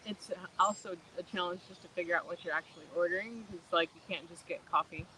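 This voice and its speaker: A woman making quiet teasing asides from off-mic during a livestream chat. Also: fairly low pitch, steady tone, fast, low-quality recording.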